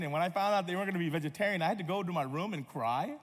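A man's voice: fairly high pitch, lively intonation, racing, a bit bright, big-room sound. A man pastor giving a sermon, telling stories with playful humor and acting out quotes. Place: church sanctuary.

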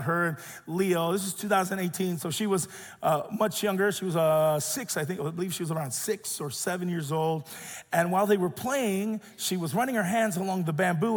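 A man in his thirties preaching a sermon and telling a personal story, animated and acting out the voices in it. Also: fairly high pitch, big-room sound. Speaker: pastor.

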